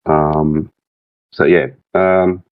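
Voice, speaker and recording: A man's voice: extremely low pitch, flat delivery, very slow, smooth, dry recording, narrow, tinny audio. A man with a thick Australian accent, chatting as a podcast guest in a rambling, laid-back way. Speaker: guest, game mod creative director. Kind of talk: casual podcast chat.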